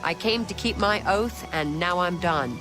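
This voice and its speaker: A woman's voice: lowish voice, measured pace, over music, close to an everyday voice. A woman voicing a blunt, earnest female orc knight in a video game, speaking in plain, simple sentences.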